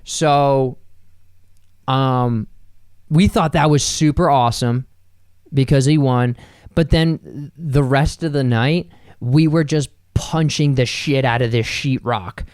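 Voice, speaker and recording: Young male podcast host, casual rambling storyteller, smooth tone, dry and close. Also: medium pitch, takes it slowly, darkish tone, dry recording. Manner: rambling and loose, with frequent fillers and swearing. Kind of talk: casual solo podcast monologue.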